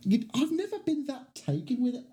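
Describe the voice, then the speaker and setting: Sharp, bright-voiced joking man. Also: extremely high pitch, a little fast, slightly rough. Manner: animated, jokey, breaks into impressions. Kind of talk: casual podcast chat.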